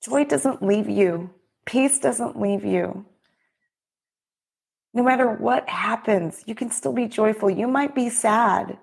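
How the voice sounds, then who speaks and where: A middle-aged woman, a podcast host and business coach, gives a heartfelt, preachy motivational talk addressed directly to her listeners. Her voice is a little high, gravelly, and darkish with a breathy edge, and she takes it slowly.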